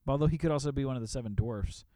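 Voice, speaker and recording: A man co-hosting a podcast, bantering in a playful, quick-witted way with frequent laughter. His voice sits at an ordinary male pitch. The sound is dry, with no room echo. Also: warm tone. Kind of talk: casual chat.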